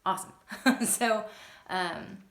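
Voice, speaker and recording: Speaking slowly in a fairly bright, mid-range voice, a thirty-something woman vlogs from her living room about her experience with epilepsy. Her personal story comes out chatty and upbeat, broken up by frequent laughter. It's recorded on a phone or camera on a stand, with noticeable home echo.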